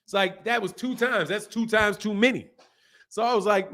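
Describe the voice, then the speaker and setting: A man hosting a boxing livestream, talking in a slangy, animated way and laughing often while reading out viewer messages. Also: high-pitched, normal speed, pauses often. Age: adult, a father. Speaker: boxing channel host. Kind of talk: casual livestream chat.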